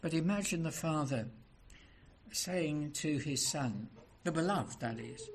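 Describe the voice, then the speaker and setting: A male preacher delivering a sermon in a slightly high voice. He draws his listeners in with rhetorical questions and builds to emphatic, rising passages. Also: lively intonation, measured pace, a little hiss or hum.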